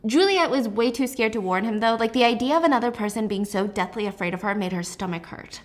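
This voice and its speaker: A young woman with a somewhat high voice chats through a book recap. She talks in a gossipy, animated way and fills her speech with "like" and "okay?". Her delivery is loose and conversational. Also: quick pace. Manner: gossipy, animated, filler-heavy with frequent "like". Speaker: host recapping a novel. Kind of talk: casual chatty book recap.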